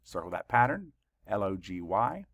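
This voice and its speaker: A male teacher leading a children's spelling lesson, spelling each word out letter by letter with slow, deliberate dictation. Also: low-pitched, sing-song, fairly bright tone, no echo, muffled recording.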